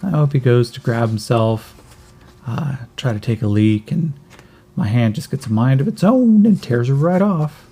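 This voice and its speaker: A man voicing a skinny, starving cyborg boy who jokes darkly and rambles, in a gravelly voice a little higher than his own. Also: animated, moderate pace, mellow. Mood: joking. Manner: wry, rambling, gallows humor. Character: skinny starving cyborg kid, chatty, joking.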